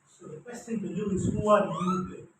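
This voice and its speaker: Brief: high-pitched Tamil-accented Indian man in his thirties, animated storyteller, heard from afar in a booming hall. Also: moderate pace. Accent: Tamil-influenced Indian English. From Chennai, India. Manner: animated, acts out cheering crowds and races, chuckles often. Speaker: Toastmasters speaker. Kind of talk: storytelling motivational speech. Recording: echoey hall, distant mic, faint hiss.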